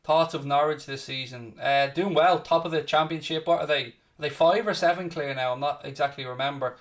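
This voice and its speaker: An Irish man hosts a live football watchalong, chatting casually on stream, answering viewer questions and calling people "mate". His voice is on the high side with a steady tone, a little fast.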